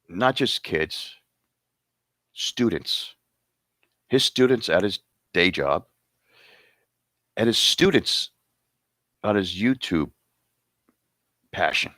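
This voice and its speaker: A man's voice: fairly low pitch, sing-song, slow, long pauses, fairly bright tone, no echo. A man hosting an awards show, rambling and joking casually between announcements. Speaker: host presenting awards.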